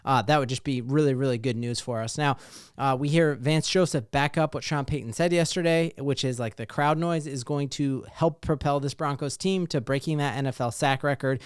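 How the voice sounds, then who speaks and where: A man hosting a casual sports talk show, excited and rambling with lots of fillers. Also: mid-range voice, moderate pace, clear, resonant tone, no room sound, clean studio sound.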